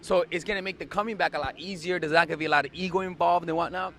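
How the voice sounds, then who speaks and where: A man's voice: fairly high pitch, steady tone, rapid-fire, bright, forceful tone, slight background noise. A young man giving casual dating advice, blunt and profane, repeating himself for emphasis. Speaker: dating coach.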